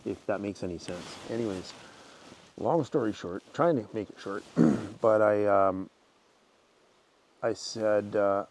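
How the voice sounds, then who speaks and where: A man hosting his channel, retelling a viewer's wilderness encounter in a rambling, casual way and often clearing his throat. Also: fairly low pitch, a little slow, pauses often, a little mellow, slight background noise. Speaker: channel host reading a viewer's story. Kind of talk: casual spoken storytelling.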